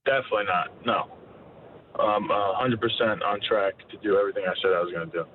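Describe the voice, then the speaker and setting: A man in his thirties, a fighter being interviewed, talking candidly with halting restarts. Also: lowish voice. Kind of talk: casual interview answers. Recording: tinny phone line with faint noise.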